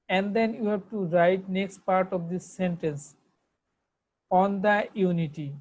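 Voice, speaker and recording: A woman's voice: lowish voice, slow pace, darkish tone, lo-fi sound. A woman with a Bangladeshi accent, giving an online English grammar lesson, who repeats herself and spells words out letter by letter. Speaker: English teacher.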